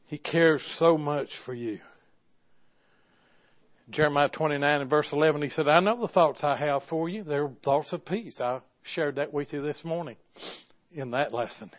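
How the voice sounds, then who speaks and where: A man preaching a sermon, moving from quiet, hushed storytelling to loud, impassioned exhortation. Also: a little high, moderate pace. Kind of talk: sermon with stories. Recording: dull lo-fi recording.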